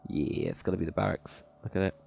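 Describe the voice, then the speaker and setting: Gravelly, low-voiced man gaming. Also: steady tone, fast, a little mellow. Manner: enthusiastic, rambling, praises freely. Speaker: Minecraft server plot reviewer. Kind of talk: casual game commentary. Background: faint background music.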